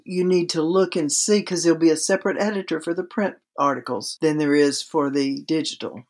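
A woman's voice: sits low, fairly quick, a little mellow. A woman guest on a podcast interview, explaining writing craft in a conversational way with practical examples.

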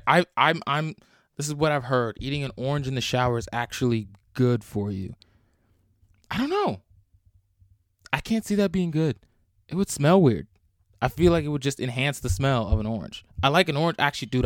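A man's voice: mid-range voice, no echo, studio quality. A young man hosting a solo podcast, talking in a rambling, crude and jokey way. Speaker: podcast host. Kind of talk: solo casual chat.

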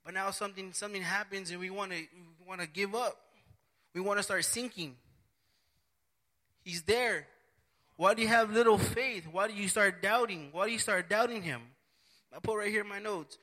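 A man's voice: high-pitched, moderate pace, bright, forceful tone. A man preaching a sermon, earnest and repetitive, often restarting his phrases.

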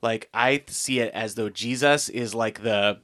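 A man's voice: medium pitch, measured pace, a bit bright. A man co-hosting a casual Bible discussion podcast, chatty, often laughing and acting out quotes in little voices. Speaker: podcast co-host.

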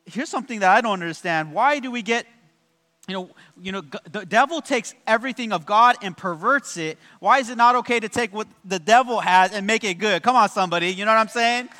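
High, bright-voiced man preaching a sermon. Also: brisk. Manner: lively, joking, repeats itself with many asides. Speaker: pastor. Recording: long church hall reverb.

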